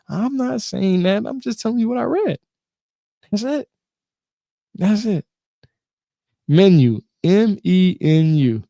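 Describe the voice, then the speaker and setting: A man hosting a casual live talk, reading passages from an old book aloud and commenting in an animated way, repeating himself and joking. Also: sits high, slow pace, creaky, pauses often, no echo, studio quality. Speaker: host.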